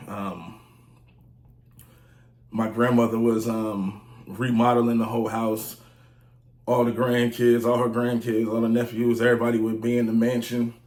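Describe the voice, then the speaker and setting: A man in his forties telling stories in a casual vlog, loose and slangy, often saying "you know what I'm saying". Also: mid-range voice. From United States. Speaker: vlogger, music reviewer. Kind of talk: casual storytelling monologue. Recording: roomy echo.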